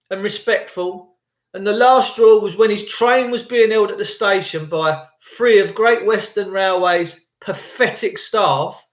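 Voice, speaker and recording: A man's voice: high voice, fairly bright tone, reverberant. A man delivering an indignant, sarcastic ranting monologue. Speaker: vlogger.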